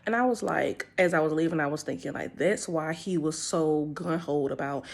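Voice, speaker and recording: A woman's voice: deep voice, normal speed, gravelly. A young woman truck driver, telling a story casually and animatedly, often laughing and quoting others.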